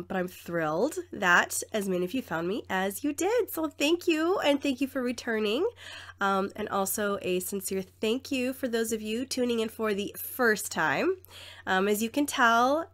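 Woman podcast host, somewhat high voice, stuffy nasal cold, friendly casual talk. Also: a bit bright. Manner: friendly, apologetic, chatty. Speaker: podcast host, alpaca rancher. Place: barn with a tin roof, rain.

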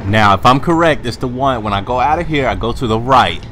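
A young man playing a horror game, swearing, talking to the character he controls and yelling high when scared. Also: lively intonation, a little fast, a little hiss or hum. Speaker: gamer. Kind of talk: horror game let's play commentary.

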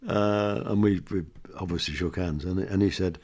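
A man's voice: deep voice, fairly even intonation, normal speed, darkish tone. An older man, a comedian guest, chatting in an interview and telling anecdotes and jokes with frequent laughs. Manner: chatty storyteller, laughs often, acts out jokes.

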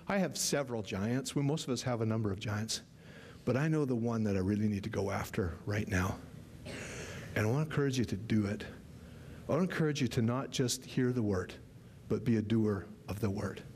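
A man's voice: lowish voice, a little hiss or hum. A male pastor preaching a sermon, telling a story animatedly with frequent laughs and restarts. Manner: animated storytelling, laughs often, repeats words. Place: church.

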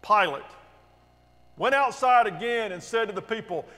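A man with a high voice reads scripture to his congregation, giving the quoted speech a raised, emphatic delivery. His words ring out in a church hall with a long reverb tail. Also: lively intonation, moderate pace, sharp tone. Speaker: pastor. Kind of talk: dramatic scripture reading. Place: church sanctuary.

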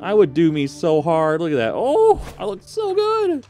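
A man giving loud, excitable commentary while playing a video game, full of exclamations and laughter. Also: sits high, moderate pace. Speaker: gaming streamer. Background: game music.

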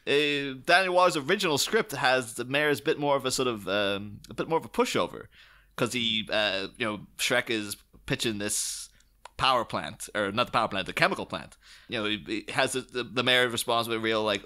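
A man hosting a relaxed podcast and retelling film scenes, slipping into quoted lines as he goes. His tone is bright and forward. He laughs often between thoughts. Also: mid-range voice, a little fast. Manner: chatty, quotes scenes in character, laughs a lot. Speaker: podcast host. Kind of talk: casual chat.

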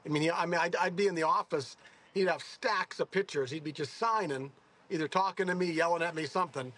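Guy in his 60s, husky voice, kinda high, rambles and restarts a lot while telling stories. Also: brisk. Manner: rambling, self-correcting, animated. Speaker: golfer. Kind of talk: casual storytelling interview.

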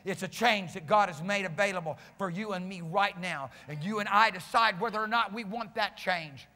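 Impassioned high-voiced preaching man. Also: normal speed, in a large hall. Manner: impassioned preaching, builds to shouting. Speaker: pastor. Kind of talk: sermon. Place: church sanctuary.

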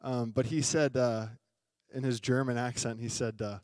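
A man's voice: medium pitch, level tone, normal speed, a little mellow, no echo. A young adult man preaching a sermon, telling a story in a chatty way and often asking the congregation questions. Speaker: pastor. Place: church sanctuary.

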